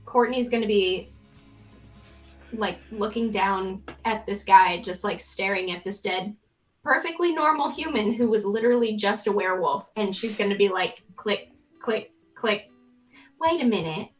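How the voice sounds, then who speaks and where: A woman's voice: medium pitch, normal speed, soft background music, low-quality recording. A woman player in a tabletop game, talking casually and rambling with fillers. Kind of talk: casual chat.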